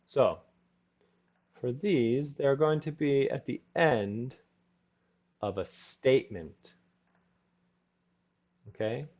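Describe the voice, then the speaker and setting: A man teaching English in a live class, drilling phrases slowly and repeating them with short Spanish asides. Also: medium pitch, a little mellow. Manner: slow, repetitive drilling with brief Spanish asides. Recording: dull lo-fi audio.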